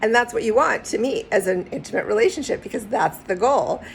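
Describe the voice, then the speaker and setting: Woman matchmaker, direct and candid, lively storyteller, faint background hiss. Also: on the high side, a little fast, vocal fry. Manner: candid, direct, animated storytelling with acted quotes. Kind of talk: direct-to-camera advice vlog.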